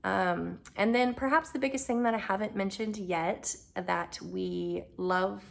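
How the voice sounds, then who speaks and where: This is a woman chatting casually to the camera, upbeat, with frequent ums as she talks. Her mid-range voice is gravelly with vocal fry. She sounds slightly hoarse, as if losing her voice. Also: medium pitch, a little slow. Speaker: homeschooling mother.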